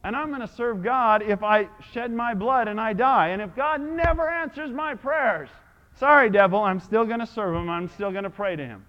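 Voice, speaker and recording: A man preaching a sermon, telling a personal story and swinging from soft, quiet passages to loud, shouted declarations. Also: sits high, normal speed, muffled recording.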